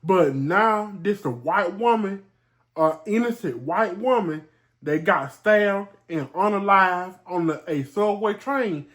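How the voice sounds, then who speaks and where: A woman vlogger giving casual, emotional commentary to her viewers, often repeating herself and calling them y'all. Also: on the low side. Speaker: vlogger host.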